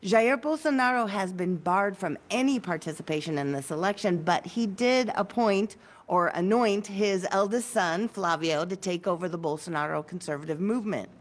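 A woman correspondent delivering a radio news report in a measured, clear way. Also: medium pitch, animated. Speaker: foreign correspondent.

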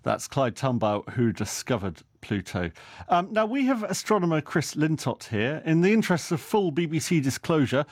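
A man presents a radio science programme with a playful, lively delivery. His pitch sits a touch high and swings freely across each line, and the studio sound is close and dry. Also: moderate pace, no echo. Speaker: host.

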